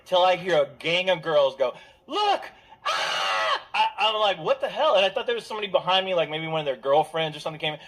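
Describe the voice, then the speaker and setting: High, husky, animated male storyteller. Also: racing, hardly any pauses, shouting. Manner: animated storyteller, laughs often and acts out other people. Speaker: podcast co-host telling a story. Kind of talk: comic anecdote from an archived online segment.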